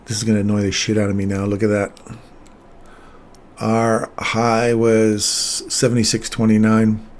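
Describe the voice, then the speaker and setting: A man's voice: on the low side, a little mellow. Casual man in his fifties streaming trades. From England, raised in Canada. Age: 50s. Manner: casual, talks through chart moves and answers chat. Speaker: trading livestream host. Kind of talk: live trading commentary.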